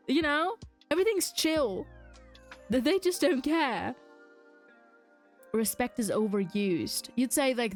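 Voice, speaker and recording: A young adult woman with a slightly high voice talks casually to her stream chat. She rambles from thought to thought, animated and quick to laugh. Faint game music sits quietly in the background. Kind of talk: casual chat while gaming, reading chat aloud.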